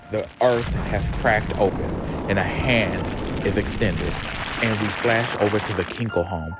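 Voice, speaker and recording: Campy man recapping a show. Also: lowish voice. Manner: campy, sassy, profane. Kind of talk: casual TV recap. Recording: music playing under voice.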